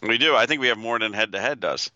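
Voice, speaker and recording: A man co-hosting a casual podcast, his voice very bright and his pitch moving a lot. He drops short, teasing, deadpan remarks into the chat. The recording is close and dry. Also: fast, no echo, muffled recording. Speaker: podcast co-host.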